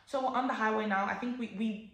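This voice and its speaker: A young woman telling a casual storytime, animated and swearing, acting out what people said. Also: fairly high pitch, fast, echoey room. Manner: animated, swears, acts out quotes with sudden loud jumps. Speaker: vlogger.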